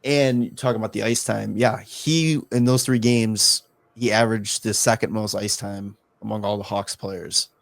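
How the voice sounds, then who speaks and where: A man talks hockey on a podcast in a low, gravelly voice. He stumbles and restarts often as he chats casually, and the sound is close and dry. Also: fairly even intonation, no echo. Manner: halting, many restarts and fillers. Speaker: podcast co-host. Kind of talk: casual sports chat.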